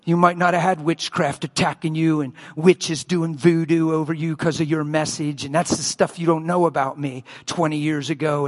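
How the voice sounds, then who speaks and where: A man preaching a passionate sermon, telling stories, swinging between loud bursts and hushed lines. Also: on the high side.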